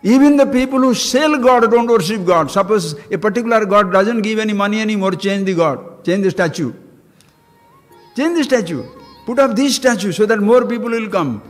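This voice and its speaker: Lively Indian-accented man teaching. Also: high-pitched, brisk, hardly any pauses. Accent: Indian English. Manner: rhetorical questions, acts out dialogues. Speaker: spiritual teacher. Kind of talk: lively spiritual talk. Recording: long hall reverb, faint music.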